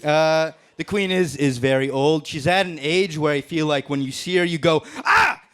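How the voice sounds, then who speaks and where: A man's voice: on the high side, normal speed, smooth. A man doing a crude, brash roast-battle stand-up set on stage. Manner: brash, crude punchlines with laughs. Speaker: stand-up comedian. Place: comedy stage before a live audience.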